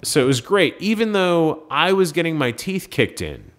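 A Minnesota man co-hosts a podcast, telling stories in casual chat as an animated storyteller who acts out the quoted dialogue. His voice is on the high side, at a normal speed.

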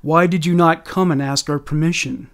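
A cold, scornful middle-aged mother, read by a man in a spoken true story. She scolds in a sarcastic way, in a slightly high voice. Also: fairly even intonation, normal speed, close to an everyday voice. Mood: scolding.

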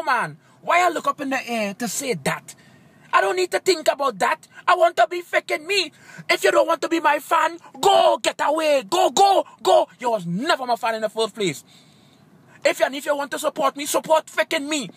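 A man, a YouTube comedian, in a heated, repetitive rant to camera, swearing often, breaking into shouts, with broken grammar. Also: extremely high pitch, animated, moderate pace, no room sound. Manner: broken, nonstandard English grammar. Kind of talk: ranting monologue to camera.

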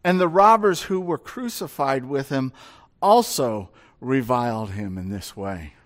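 A man preaching an expository sermon as pastor, speaking deliberately and asking his congregation rhetorical questions. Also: medium pitch.

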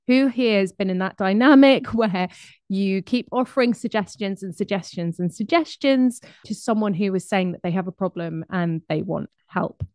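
Brief: woman presenter, chatty and animated, mid-range voice, close dry recording. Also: mid-range voice, moderate pace, dry recording. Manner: lively, conversational, with laughs and asides. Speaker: speaker on behaviour. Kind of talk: presentation to an audience.

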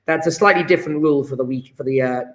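A man's voice: fairly high pitch, racing, a bit bright, reverberant. Upbeat male chemistry teacher. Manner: encouraging, upbeat, jokey. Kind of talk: live online lesson.

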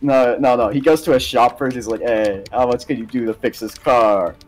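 A man's voice: mid-range voice, normal speed. A young man with a mid-range, everyday male voice. He recaps a story in a loose, laid-back, slang-heavy way while gaming with a friend. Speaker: co-host. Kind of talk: casual movie recap chat while gaming.

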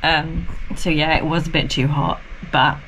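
A woman's voice: sits low, fairly even intonation, a little slow, a bit bright, slight background noise, poor audio. A woman vlogging in a casual, chatty way, laughing often while making coffee at home. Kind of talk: casual chat. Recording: music playing clearly behind.

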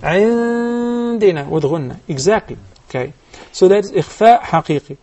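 A man teaching recitation rules on a TV lesson, explaining step by step and chanting verses slowly. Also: fairly high pitch, animated, a little mellow, slightly rough. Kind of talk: televised recitation lesson with live callers.

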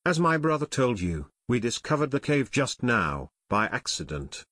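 A man's voice: medium pitch, big pitch swings, moderate pace, fairly bright tone, dry recording, clean studio sound. A man voicing an eager teenage boy detective in an audiobook who puffs and cries out. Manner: puffing, crying out.

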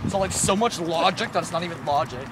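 A man's voice: a little high, fast. A young man from Canada, joking and swearing in a crude, goofy way, talking casually outdoors. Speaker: vlogger. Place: outdoors by a road. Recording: outdoor noise, traffic passing.

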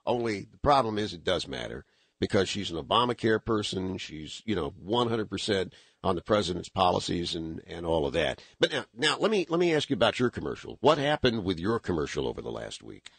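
A man hosting a talk radio show from the studio, giving rambling, animated political commentary with lots of restarts. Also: low voice, fairly quick, gravelly, breathy edge, no echo.

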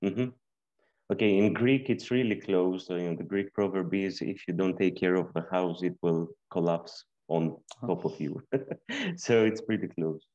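A man's voice: sits low, a little slow, a little mellow, highs cut off. A man from southern Albania explaining proverb meanings in a casual group discussion, hesitant with many fillers. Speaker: panelist.

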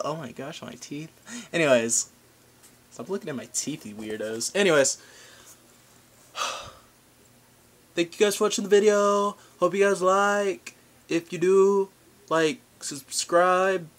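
A young man rants to his camera in a goofy, rambling way, tossing in sudden random outbursts. His voice is bright and forward, sitting at a middle pitch for a man. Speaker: vlogger. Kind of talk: comedic rant to camera.

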